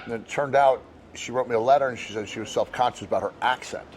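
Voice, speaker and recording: An older American man, a guest chatting casually and telling relaxed stories outdoors. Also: mid-range voice, fast talker, a little hiss or hum. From United States. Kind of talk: casual chat.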